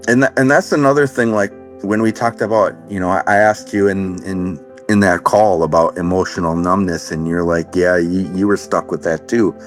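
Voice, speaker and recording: A man's voice: deep voice, steady tone, moderate pace, few pauses, soft background music. A man from Minnesota in his thirties, talking earnestly as an interview guest, with many fillers and restarts. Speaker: guest sharing recovery story. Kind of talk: casual conversational interview.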